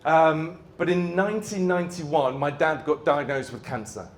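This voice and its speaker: A man's voice: on the high side, moderate pace. A middle-aged man, giving a live conference talk and leading the audience in playful chants. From Yorkshire, England. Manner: energetic, playful crowd-warming with shouted chants. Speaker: motivational speaker.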